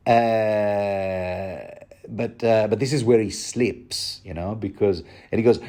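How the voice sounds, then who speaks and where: A man talks through a book chapter in a loose, rambling way, cracking jokes as he goes. His voice is mellow and soft-edged, and he often trips over words and starts again. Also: on the low side, fairly even intonation, takes it slowly. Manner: chatty, joking, stumbling restarts. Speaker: book commentator. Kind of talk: rambling casual commentary.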